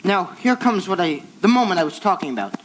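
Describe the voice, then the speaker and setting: On stage in a musical, a man plays a wistful theatre fan narrating a record, confiding in the audience through rambling asides. His high voice swings widely in pitch at a brisk pace, and the audio is poor.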